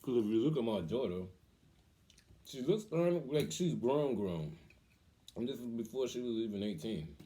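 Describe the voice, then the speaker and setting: A middle-aged man and father telling family stories in a casual, animated way, acting out the voices he quotes and laughing often. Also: mid-range voice, moderate pace, long pauses. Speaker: vlogger, father. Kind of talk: casual storytelling.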